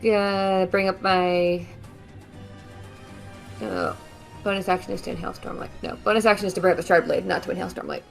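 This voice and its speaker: A woman's voice: medium pitch, little pitch movement, a little fast, gravelly, pauses often, faint music behind. A woman speaking casually as a player at a tabletop game, hesitant with many ums and dry humor.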